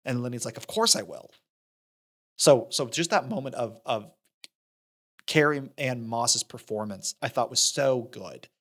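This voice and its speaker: A man's voice: mid-range voice, unhurried. A young man co-hosting a podcast, animatedly retelling a film scene with lots of "like" and acted-out quotes. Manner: animated retelling, acts out character lines, frequent fillers. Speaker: podcast co-host. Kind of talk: casual film discussion.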